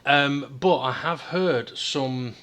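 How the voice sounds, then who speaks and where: A man from the UK hosting a casual podcast chat over a call, hesitant with many ums and quick laughs. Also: medium pitch, fairly bright tone, clean tone. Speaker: podcast host.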